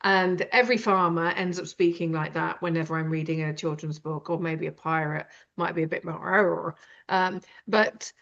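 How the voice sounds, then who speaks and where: A British woman with a lowish, slightly bright voice hosts a live conversation. She talks directly and rambles with many fillers, and the recording sounds dull and lo-fi.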